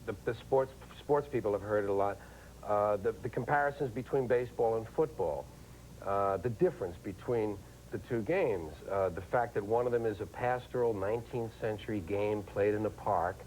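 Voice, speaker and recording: A middle-aged man, a comedian guest who chats wryly and lively, slipping into impressions. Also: lowish voice, normal speed, slight background noise, poor audio. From New York. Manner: wry, animated, slips into impressions. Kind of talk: casual chat.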